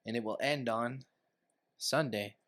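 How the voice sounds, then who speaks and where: Man, podcast co-host, easygoing banter, mid-pitched. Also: a little slow, a bit bright. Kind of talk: casual chat.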